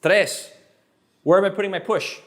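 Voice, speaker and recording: A man of French mother tongue tutoring Spanish in an energetic lesson, quick and playful, repeating words as he goes. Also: sits high. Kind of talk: energetic one-on-one language lesson.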